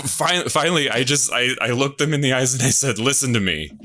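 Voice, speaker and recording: A man's voice: medium pitch, normal speed, bright, forceful tone. A man in his thirties casually telling a long, rambling anecdote as a game show contestant, full of fillers and restarts. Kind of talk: casual storytelling.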